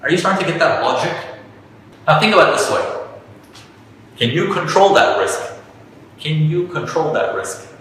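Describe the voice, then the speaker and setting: Energetic male trading instructor, bright voice, distant mic, big reverberant room with faint ambience. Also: on the high side, normal speed, long pauses, slight background noise. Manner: energetic, repetitive, acts out examples. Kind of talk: animated teaching talk. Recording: echoey hall from far off.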